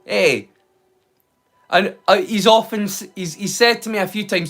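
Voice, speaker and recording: A man's voice: sits high, measured pace, long pauses, a bit bright, faint music behind. A Scottish man hosting a live watch-along stream. He chats casually, rambling, swearing and poking fun at himself. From Scotland. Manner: rambling, sweary, self-mocking.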